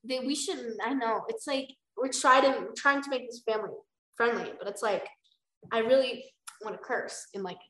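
A young woman co-hosting a podcast, reading a novel aloud with excited casual comments as an animated fan. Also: a little high, normal speed. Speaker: podcast co-host, reader. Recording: roomy echo.

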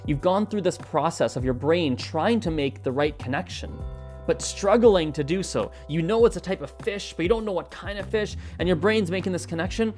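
A language-learning video host explaining a study method in a casual, animated way, often acting out little learner dialogues and repeating words while thinking. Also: mid-range voice, normal speed, faint music behind.

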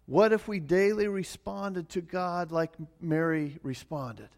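A man's voice: high voice, slow pace, gravelly, few pauses, a little mellow. A middle-aged man preaching a sermon as pastor, earnest and often repeating words as he starts a phrase.

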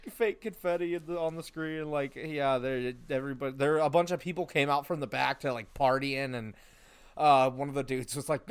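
A man's voice: mid-range voice, moderate pace, clean tone. Young man retelling stories, dude-heavy. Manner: animated storyteller, calls everyone dude. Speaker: podcast co-host. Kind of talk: casual chat.

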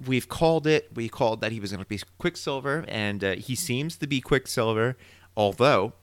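A man co-hosting a podcast, casually recapping a TV episode with opinionated, animated theorizing. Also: medium pitch, clear, resonant tone, no echo. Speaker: podcast co-host.

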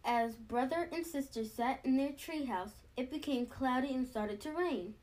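A woman's voice: high-pitched, normal speed. Woman reading a children's book aloud. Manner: steady reading with small slips and restarts. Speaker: storybook reader.

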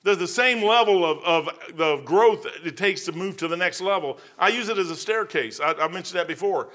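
A man in his fifties or older preaches in a loose, rambling, conversational way, stopping to hunt through his notes. His voice sits a little high and rings bright and forceful, and he slips into the people in his stories as he tells them. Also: lively intonation. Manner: acts out the people in the stories with quick changes of voice. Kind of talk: informal sermon.

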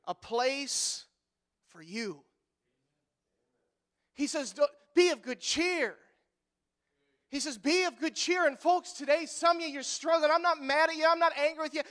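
A male pastor preaching a sermon in a church, swinging from loud emphatic lines to hushed ones and repeating words when worked up. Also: extremely high pitch.

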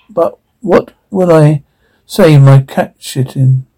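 A man's voice: mid-range voice, slow pace, mellow, husky, low-quality recording. A man reading out film scenes and voicing every part himself, reading cues such as laughing aloud as he goes.

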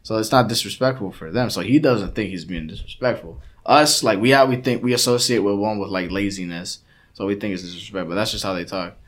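A man's voice: on the low side, a little fast. A young man co-hosting a podcast, telling a rambling story in casual chat, swearing often and acting out what other people said. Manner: animated storyteller, swears a lot, acts out quotes. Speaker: podcast co-host.

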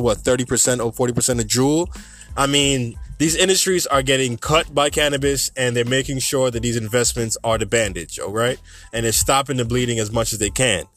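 A man's voice: mid-range voice, a bit bright. A young man hosting a solo podcast, talking casually and rambling through his thoughts with asides. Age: young adult. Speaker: podcast host.

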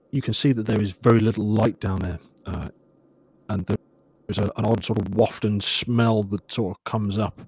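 A man running a tabletop horror game as game master, narrating in a measured, descriptive way with some hesitations. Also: lowish voice, slightly rough, dry recording.

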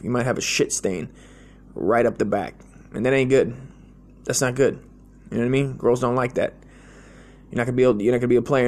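A man's voice: medium pitch, darkish tone. An American man giving a rambling, profane comedic monologue, blunt and crude, peppering his talk with slang like "dude". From United States.

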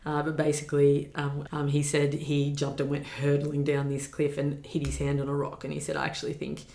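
Low, gravelly woman telling her story. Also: monotone, normal speed, mellow, reverberant. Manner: earnest, reflective, with many fillers. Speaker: podcast guest. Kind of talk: personal storytelling.

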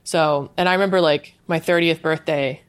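A woman in her thirties, talking as a guest in a casual interview, chatty and animated, with lots of "like". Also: low-pitched, normal speed, clean tone. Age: 30s. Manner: chatty, says "like" often, animated retelling. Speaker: guest, UX designer.

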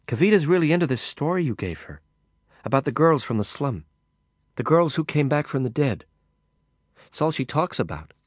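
A man voicing a young woman, soft and a little raised, first chatty and later shaken and numb. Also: a little high, very animated, moderate pace, pauses often, no room sound, studio quality, pitched above the performer's own voice.

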